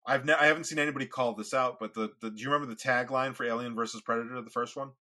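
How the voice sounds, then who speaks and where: A man from the United States co-hosts a laid-back podcast chat with a bright, forceful tone. He fires off blunt opinions and fills the gaps with "like" and "yeah." His pitch sits in an ordinary middle range. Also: fairly even intonation. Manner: quick, emphatic opinions with lots of fillers. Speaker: podcast co-host. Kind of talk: casual conversation.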